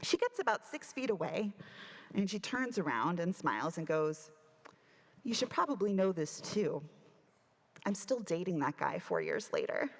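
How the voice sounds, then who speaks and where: A woman minister giving a sermon, telling a story with animated delivery and acting out the voices she quotes. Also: fairly low pitch, moderate pace. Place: church sanctuary. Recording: long church reverb.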